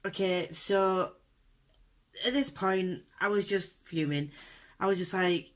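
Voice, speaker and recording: A woman's voice: medium pitch, slow, pauses often. A woman vlogging at home while doing her makeup, telling an upsetting story candidly and indignantly with lots of fillers. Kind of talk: unedited get-ready-with-me rant.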